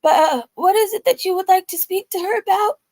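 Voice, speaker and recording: A woman's voice: extremely high pitch, fairly quick, a little mellow, voice pushed up. A woman putting on the voice of a hesitant, guarded husband on a phone call. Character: cautious husband fielding an awkward phone call.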